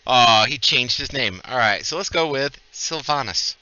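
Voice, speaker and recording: Male game master, lively, joking, sharp bright tone, dull lo-fi call audio. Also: mid-range voice, normal speed, no room sound. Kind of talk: narrating a tabletop game.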